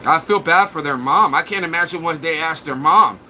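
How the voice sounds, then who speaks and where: A man on a live stream, crude and blunt, trash-talking the viewers in his chat. His voice sits high and has a bright, cutting edge. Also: a little fast, slight background noise.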